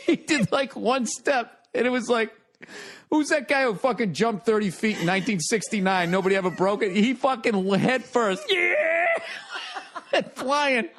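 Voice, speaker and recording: A man telling a story on a podcast in an animated way. He laughs often, swears, and makes sound effects as he goes. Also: very high-pitched.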